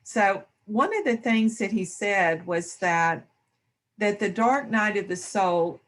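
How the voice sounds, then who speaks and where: A woman speaking in a reflective spiritual discussion, slow and thoughtful. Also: mid-range voice. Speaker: discussion panelist.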